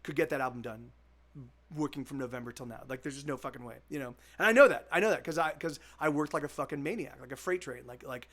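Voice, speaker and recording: A man's voice: medium pitch, quick pace, fairly bright tone. A young man chatting on his music livestream, rambling in frustration with lots of restarts, fillers and swearing. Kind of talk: casual livestream chat.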